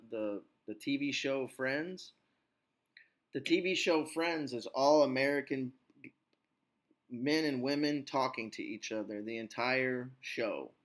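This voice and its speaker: A male English teacher on a video call, slightly sick and now and then clearing his throat. His voice sits at an ordinary pitch. He coaches in a relaxed, rambling way, leaning on "you know" as he explains. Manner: chatty, coaching, many "you know" fillers. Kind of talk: online English lesson.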